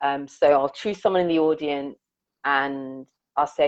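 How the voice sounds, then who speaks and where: Earnest, low-voiced woman musician guest. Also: measured pace, dry recording. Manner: reflective, earnest, acts out quoted lines. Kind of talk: conversational interview storytelling. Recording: dull, dry lo-fi audio.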